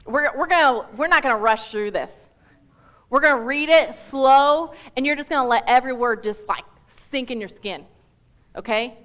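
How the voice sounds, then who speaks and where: A woman's voice: sits high, moderate pace. A woman giving a church Bible teaching as guest speaker, talking emphatically in a chatty way that often breaks off mid-thought. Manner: animated, emphatic, chatty with self-interruptions.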